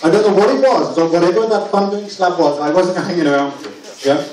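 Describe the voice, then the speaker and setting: Middle-aged guy doing stand-up, chatty, keeps checking w/ the crowd, slightly higher voice. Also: quick pace. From England. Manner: chatty, asks the crowd for agreement. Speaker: stand-up comedian. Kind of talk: stand-up comedy set. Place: comedy club stage with live audience. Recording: echoey club, far mic, loud crowd.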